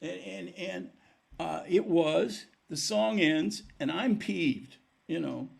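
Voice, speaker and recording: A man's voice: high voice, slow pace, gravelly. An older man, a musician guest on a podcast, telling stories and acting out the voices of people in them. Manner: animated storyteller acting out quoted dialogue. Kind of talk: storytelling in a podcast interview.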